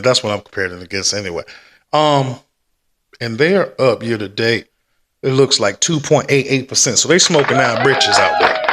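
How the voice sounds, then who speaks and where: A man talks at his desk at home in a loose, rambling vlog, full of slang and easy fillers. His voice sits at an everyday pitch but rings with a bright, forward tone. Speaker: stock-market vlogger. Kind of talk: casual rambling vlog chat.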